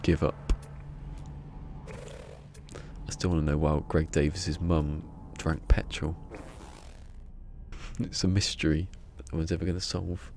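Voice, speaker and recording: A man chats casually on a game stream, wandering from topic to topic and poking fun at himself. His voice is low and gravelly. A faint hiss sits under the desk mic. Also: level tone, slow pace, long pauses, a little mellow. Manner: rambling, self-mocking banter. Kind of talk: casual live-stream chat.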